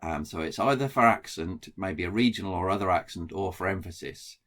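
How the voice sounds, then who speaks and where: Low-voiced middle-aged Black Country man. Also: a little fast, a bit bright. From England. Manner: plain explanatory, with frequent ums and restarts. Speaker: researcher. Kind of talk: recorded lecture.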